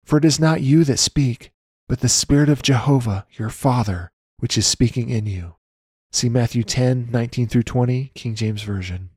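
A man reading a personal faith testimony aloud in an earnest, measured way, citing scripture references. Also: mid-range voice, darkish tone, husky, dry recording, studio quality. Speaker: Christian storyteller. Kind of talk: read devotional testimony.

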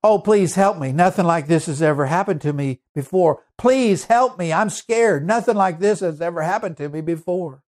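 A man voicing a terrified young woman who pleads frantically for help, in a raised, strained pitch. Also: normal speed, hardly any pauses, a little mellow, natural voice. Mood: frightened pleading.

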